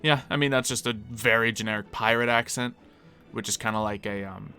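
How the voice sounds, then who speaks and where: A man's voice: medium pitch, steady tone, fairly quick, sharp tone, clean tone, faint music behind. A man streaming a game live, chatting casually and answering viewers as he plays. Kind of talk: casual live-stream chat while gaming.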